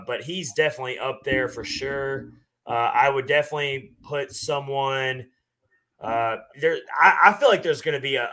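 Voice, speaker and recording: A man co-hosting a sports podcast, talking casually and at length with relaxed fillers. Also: mid-range voice. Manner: relaxed, talkative, drawn-out fillers. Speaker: podcast co-host.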